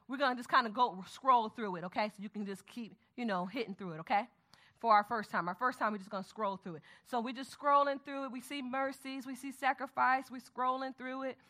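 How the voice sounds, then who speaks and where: A woman teaching a Bible study method, prompting her audience with questions and murmuring softly as she skims the passage. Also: a little high. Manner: call-and-response questions to the audience; murmurs softly while skimming the text aloud.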